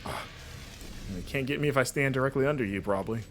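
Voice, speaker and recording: A man from Florida with a non-regional American accent, chatting casually while streaming gameplay and reacting out loud to what happens. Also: mid-range voice, brisk, slight background noise. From Florida, USA. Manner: chatty, rambling, reacts aloud to the game.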